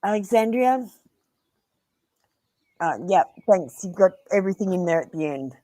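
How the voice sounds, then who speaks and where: An Australian woman reads tarot cards live for her viewers, speaking bluntly and earnestly and calling each one by name. Her voice sits at a middle pitch. The sound is dry and close, with no room around it. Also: lively intonation, warm tone, no echo. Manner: frequent ums and pauses. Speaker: tarot reader. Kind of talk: live-streamed tarot reading.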